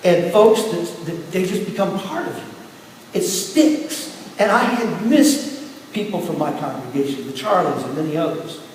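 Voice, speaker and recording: A middle-aged man pastor preaching a sermon with personal testimony, telling his story in turns quiet and emphatic. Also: high voice, expressive, a little slow. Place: church sanctuary. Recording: echoey hall from far off, faint hiss.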